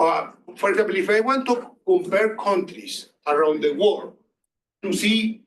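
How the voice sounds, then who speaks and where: A man's voice: high voice, a bit bright. A man lecturing a class, asking the students questions and repeating key phrases. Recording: echoey distant room recording.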